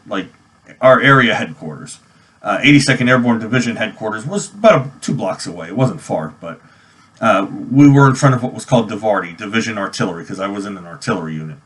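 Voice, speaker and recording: A man's voice: on the low side, lively intonation, brisk, fairly bright tone. A man in his forties from New York, telling a personal army memory in a casual, rambling way full of restarts and fillers. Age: 40s. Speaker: army veteran vlogger. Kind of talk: personal storytelling vlog.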